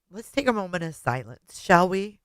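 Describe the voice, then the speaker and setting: A woman hosting a livestream and talking casually to her viewers, tearful, halting and often trailing off quietly. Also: mid-range voice, no room sound. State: tearful, voice breaking. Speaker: livestream host.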